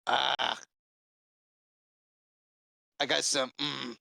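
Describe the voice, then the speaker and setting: A man playing his character in a tabletop game, talking at a crawl with a heavy gravelly fry. His tone is bright and sharp, and the recording sounds dry and close. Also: medium pitch, no room sound. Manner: slow, hesitant. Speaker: player.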